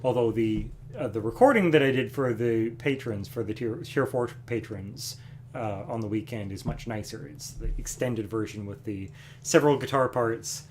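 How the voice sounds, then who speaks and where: A man hosting a music livestream from home, chatting casually between songs in a relaxed, rambling way with frequent chuckles. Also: mid-range voice, moderate pace, a little hiss or hum. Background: acoustic guitar.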